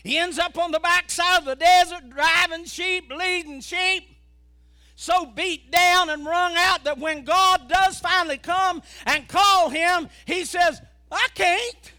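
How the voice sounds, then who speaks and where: A man preaching a fiery revival sermon as an evangelist, building from quiet talk to shouted preaching. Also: very high-pitched, steady tone, unhurried.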